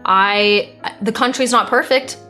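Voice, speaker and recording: A woman's voice: on the high side, bright, forceful tone, soft background music. A young American woman streamer reading viewer messages aloud in a blunt, exasperated way. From United States. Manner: blunt and exasperated, quick to deny.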